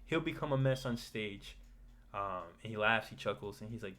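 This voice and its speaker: In a fairly low voice at normal speed, a manga commentator casually recaps chapters, rambling and restarting as he loosely paraphrases the characters in a flat retelling.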